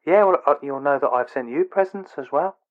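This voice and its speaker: A man's voice: on the high side, fairly quick, pitched above the performer's own voice. A man voicing an awkward, eager male fan who talks earnestly and hesitantly over a phone line.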